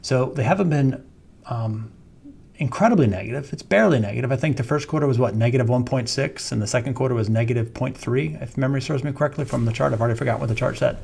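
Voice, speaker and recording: A man's voice: mid-range voice, fast, vocal fry, a little mellow, breathy edge. A man who founded a wealth management firm, giving his monthly stock market commentary in a conversational way and walking viewers through charts step by step. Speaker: founder and chief investment officer, market commentator.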